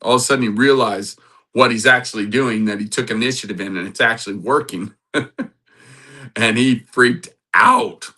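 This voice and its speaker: Bright-voiced man giving a Bible talk. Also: medium pitch, moderate pace, breathy edge. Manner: animated, laughs often, acts out quotes. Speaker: podcast host.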